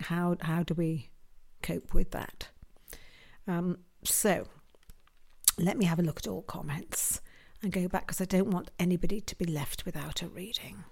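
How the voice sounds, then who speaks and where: A woman's voice: lowish voice, normal speed, gravelly. Earnest woman giving tarot readings. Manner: earnest, musing, with hesitant restarts; reads viewer comments aloud and answers them. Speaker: tarot card reader. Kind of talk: live tarot reading stream.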